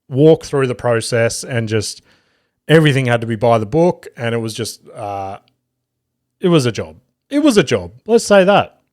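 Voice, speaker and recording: A young Australian man hosting a podcast, telling a story in a loose, profane, animated way and acting out the quotes. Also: medium pitch, no room sound, clean studio sound. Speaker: podcast host.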